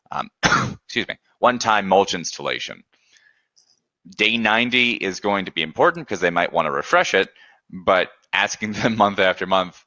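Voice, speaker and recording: Deep, bright-voiced man on a webinar. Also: no room sound, muffled recording. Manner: conversational, acts out sample client emails. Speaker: webinar presenter. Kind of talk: webinar explanation.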